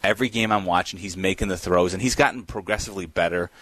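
A man's voice: low voice, fast, fairly bright tone, no echo. A man hosting a fantasy football call-in radio show, talking in an upbeat, chatty way with loose fillers.

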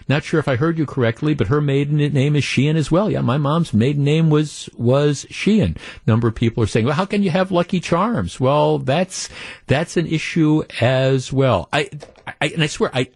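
Wry talk radio host, dry studio sound. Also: male voice, a little high, no room sound. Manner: reads out listener texts; wry, incredulous. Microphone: studio microphone.

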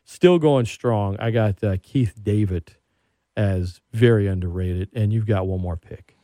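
A man hosting a radio show, chatting casually and telling stories with animated excitement. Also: on the low side, measured pace, no echo, studio quality. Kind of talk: casual chat.

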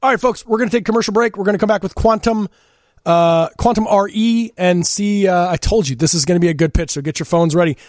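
A man's voice: sits high, fast talker, a little mellow, no echo, clean studio sound. A man hosting a radio talk show, chatting casually and laughing easily.

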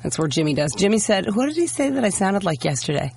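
A woman co-hosting morning radio while hoarse from the flu, chatting and teasing. Her voice is gravelly with vocal fry and comes out raspy. She speaks into a studio microphone. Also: medium pitch, very animated, fast, a little mellow. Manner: chatty, teasing, tells family stories. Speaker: radio morning show co-host. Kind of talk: casual on-air banter.

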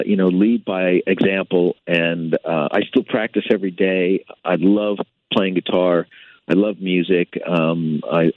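A guitarist being interviewed, speaking thoughtfully with many fillers over a phone line. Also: male voice, low voice, dry recording. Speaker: guitarist guest.

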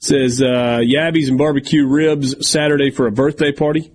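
A man's voice: mid-range voice, fairly even intonation, moderate pace, darkish tone. A man hosting sports talk radio, teasing his co-host and reading listener messages aloud.

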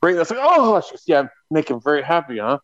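A man's voice: on the high side, fast talker, lo-fi sound, over a noisy crowd. A man on a podcast telling a funny story in casual chat, laughing as he goes. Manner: laughs through his own stories. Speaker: podcast co-host.

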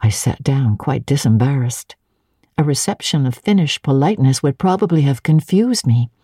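A woman narrating a classic novel in the first person as an audiobook, with an expressive reading manner. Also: extremely low pitch, moderate pace, no room sound, clean studio sound. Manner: expressive, clearly paced reading.

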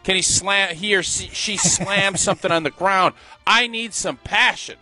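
Ex-player guy on sports radio, bright highish voice, laughs a lot, opinionated. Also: normal speed, faint music behind. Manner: opinionated, laughs often, animated. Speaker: radio co-host and former football player. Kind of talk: casual sports talk.

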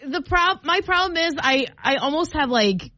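A woman's voice: sits high, animated, moderate pace, sharp tone, no room sound. A young woman co-hosting a morning radio show, chatting casually and filling her talk with "like.". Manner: chatty, filler-heavy with frequent "like".

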